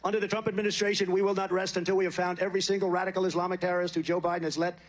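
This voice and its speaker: A man's voice: high voice, little pitch movement, racing. A man giving a campaign rally speech as a political candidate, rambling, boastful and full of repetition. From United States.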